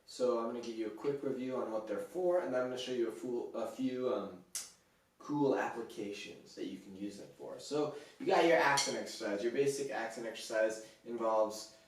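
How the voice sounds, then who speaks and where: A man teaching snare drum in a relaxed, casual way, counting beats aloud with frequent fillers. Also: mid-range voice, moderate pace. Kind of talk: casual instructional talk. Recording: echoey room, distant from the mic.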